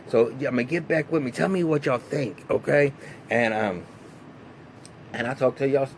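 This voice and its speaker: A man, recapping a TV episode in a casual, animated, profane way full of fillers and restarts. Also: mid-range voice, normal speed, a little hiss or hum. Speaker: TV recap vlogger.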